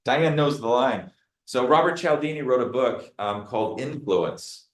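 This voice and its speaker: A man leading his team in a meeting. He coaches them in a lively way and acts out dialogue with clients. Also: medium pitch, a little slow, reverberant, rough recording. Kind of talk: meeting talk. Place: meeting room.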